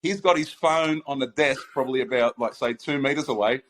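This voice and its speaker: A man's voice: mid-range voice, fairly quick. A man in casual conversation, telling a personal story with an easygoing, chuckling delivery. He circles back, restarts his phrases and breaks into laughter as the tale builds. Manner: laughing, animated anecdote with many restarts. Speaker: podcast host.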